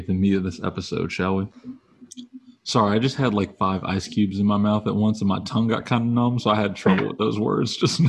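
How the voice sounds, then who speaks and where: Husky, lively-voiced man host. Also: on the low side. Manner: playful, lively, steering the talk. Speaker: podcast host. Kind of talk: casual sports chat.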